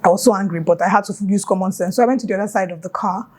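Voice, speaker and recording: A woman's voice: medium pitch, racing, warm tone, breathy edge. A young woman with a Nigerian accent, chatting to the camera as she tells a story on her vlog, full of playful local asides. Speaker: YouTuber.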